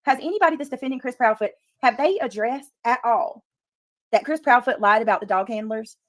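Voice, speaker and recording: A woman's voice: on the high side, expressive, brisk, no echo. A woman hosting a casual livestream, talking earnestly to her chat and repeating her points for emphasis. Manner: talks to chat while reading comments. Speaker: livestream host. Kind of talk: casual live commentary.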